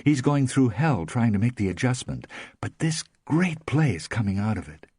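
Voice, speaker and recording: A man's voice: medium pitch, big pitch swings, moderate pace, a little mellow, husky, no echo, clean studio sound, voice pushed up. A male narrator voicing Portia, a chatty, earnest woman from the theater world. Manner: earnest, gossipy.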